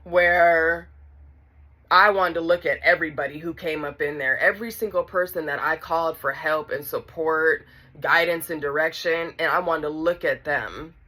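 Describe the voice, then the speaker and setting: A woman recounts a personal story in a casual vlog, talking right to her audience. Her voice sits low but comes across bright and forceful. She tells it with lively, animated energy. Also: normal speed. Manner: animated, talks straight to viewers. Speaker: vlogger telling a personal story.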